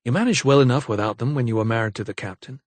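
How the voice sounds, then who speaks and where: Audiobook: teasing young gentleman doctor, voiced by the male narrator, plain mid voice, dry recording. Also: mid-range voice, very fast, no room sound, close to an everyday voice. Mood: teasing, courteous. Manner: teasing, wry, courteous. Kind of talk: audiobook character voice.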